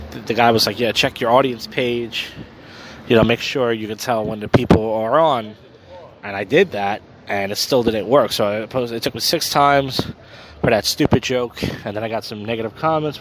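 A man's voice: medium pitch, slight background noise. A man hosting his own podcast, a little tipsy, telling crude, meandering stories packed with fillers in a casual monologue. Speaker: podcast host and open mic host.

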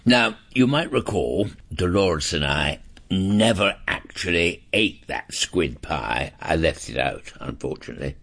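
An actor playing a mild, rambling older father in a comedy drama, with a husky voice. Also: low voice, lively intonation, measured pace, fairly bright tone, exaggerated voice. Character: pale vague old father in pyjamas. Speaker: father thought dead.

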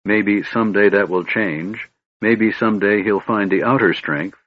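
A man voicing a big, devoted young male warrior who talks earnestly and pleadingly, in a husky voice. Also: lowish voice, unhurried, muffled recording.

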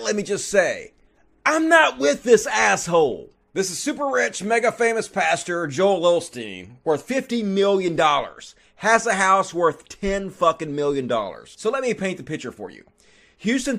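Dude with a really high lively voice ranting and cussing, mocking comedy. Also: male voice. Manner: profane, mocking, animated, often shouting. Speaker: comedic commentator. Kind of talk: profane comedic rant commentary.

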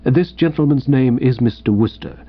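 A man plays an unflappable valet, soft-spoken and measured, every phrase formal and composed. The recording is dull and lo-fi. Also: medium pitch, close to an everyday voice. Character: calm, dignified male valet.

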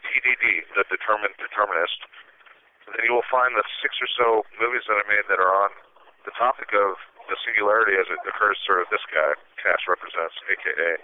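Rambling male jail caller, deep voice, spells things out, heard over a thin phone line. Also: a little hiss or hum. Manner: rambling, spells out words letter by letter. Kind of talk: phone monologue.

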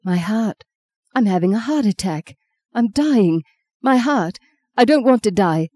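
A woman's voice: mid-range voice, steady tone, moderate pace, warm tone, no room sound, studio quality, lightly acted. A woman reading the part of a young man dying in the sea, in anguished, pleading prayer, as an audiobook character. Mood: panicked.

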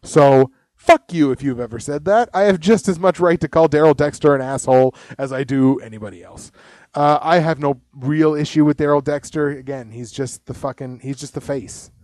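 A man's voice: on the high side, moderate pace, darkish tone, no echo. A man hosting a casual podcast, rambling, swearing constantly and laughing at his own jokes. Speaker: podcast host. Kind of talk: casual profane podcast chat.

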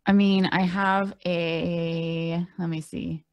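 A woman's voice: lowish voice, flat delivery, takes it slowly, clean tone, no echo, muffled recording. Casual woman playing a tabletop game. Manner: casual, swearing, self-mocking. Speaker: player.

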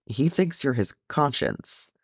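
A man's voice: medium pitch, expressive, takes it slowly, gravelly, slightly rough, no room sound, studio quality, pitched above the performer's own voice, heavily acted. Fili, a man voicing a cheeky young dwarf.

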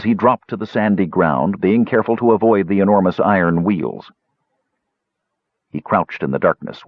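Deep husky guy reading an audiobook, steady pace, dry dull lo-fi recording. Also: no room sound. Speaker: narrator. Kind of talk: audiobook narration.

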